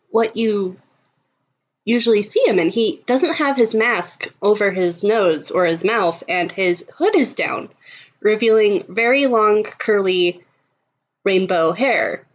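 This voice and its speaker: A woman narrating a tabletop role-playing game as game master, speaking in a relaxed way and laughing often. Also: medium pitch, highs cut off.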